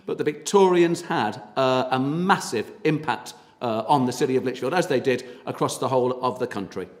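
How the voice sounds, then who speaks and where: A man's voice: mid-range voice, moderate pace. Chatty man giving a talk in an echoing hall. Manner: chatty, anecdotal, hesitant with fillers. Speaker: tour guide and local historian. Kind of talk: public talk. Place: meeting hall. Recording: reverberant hall from far off.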